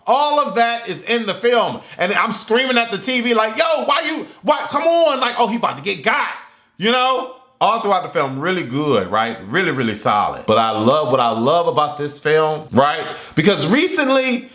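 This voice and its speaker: A man talking excitedly as host of a casual movie review vlog, acting out his own reactions and yelling along with the scenes. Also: sits high, moderate pace. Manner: animated and excitable, acts out his reactions and yells at the screen. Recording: echoey room.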